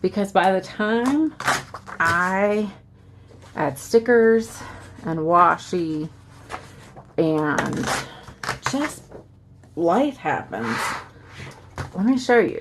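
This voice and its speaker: A woman planner vlogger, fairly low-pitched with a Southern US accent, walks through her planner setup against a noisy background. Her talk is casual and rambling, sprinkled with fillers and asides.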